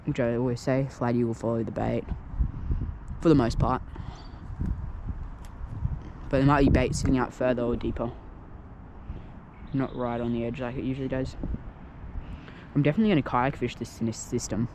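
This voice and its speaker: A man casually talking through a fishing trip on the water, chatty and excitable, recorded on an action camera. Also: mid-range voice, normal speed, pauses often, background noise. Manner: chatty, excitable, thinks aloud. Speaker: fishing vlogger. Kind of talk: casual narration while fishing.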